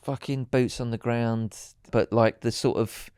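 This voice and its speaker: A man's voice: medium pitch, level tone, unhurried, a little mellow, clean tone, dry recording, studio quality. A man co-hosting a podcast in chatty, rambling banter, swearing freely. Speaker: podcast co-host. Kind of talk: casual chat.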